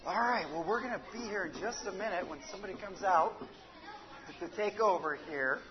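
A woman's voice: medium pitch, fairly quick, crowd noise. A woman leading children in a church sing-along and chat, upbeat and encouraging, coaxing the kids by name. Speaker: children's worship leader. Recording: dull lo-fi sound under loud guitar music. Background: guitar music.

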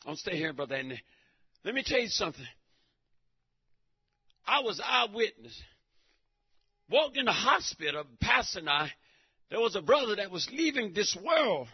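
A man giving a preaching testimony in church, emphatic and repetitive, breaking into shouts. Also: high-pitched, very animated, moderate pace, pauses often, breathy edge. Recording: dull lo-fi recording.

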